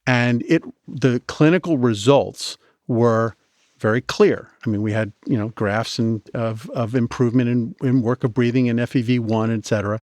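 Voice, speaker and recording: Male guest, animated storyteller, restarts a lot, mid pitch, dry close mic. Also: moderate pace, no echo. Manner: animated, chatty, with many restarts. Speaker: guest, medical device inventor. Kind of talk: storytelling in a podcast interview.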